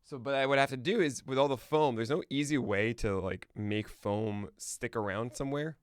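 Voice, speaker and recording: A man's voice: medium pitch, normal speed, smooth, no room sound, studio quality. A man hosting a podcast livestream, chatting casually and thinking aloud with mumbled asides while he checks notes. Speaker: podcast host. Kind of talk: casual livestream chat before a show.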